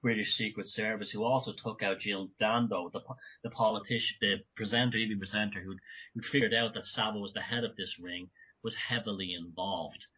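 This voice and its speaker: A man's voice: lowish voice, steady tone, brisk, sharp tone, slightly rough, muffled recording. A man speaking as a guest in an interview, talking in long rambling runs with many restarts and self-corrections. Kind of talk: remote conversational interview.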